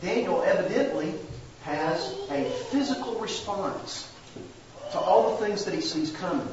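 A man's voice: high voice, expressive, measured pace, darkish tone, a little hiss or hum. A man preaching a sermon as a pastor, earnest and plain-spoken, with homey asides. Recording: very echoey church sanctuary, distant mic, dull.

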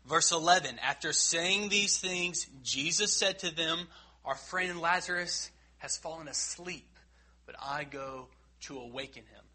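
Guy preaching a sermon, kinda high voice, husky, earnest and emphatic. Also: measured pace. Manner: earnest, emphatic, swings between loud and quiet.

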